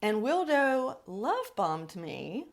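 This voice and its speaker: A woman's voice: fairly high pitch, sing-song, extremely slow, vocal fry. A middle-aged woman hosting a podcast, telling a personal story in a candid, wry way. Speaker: podcast host.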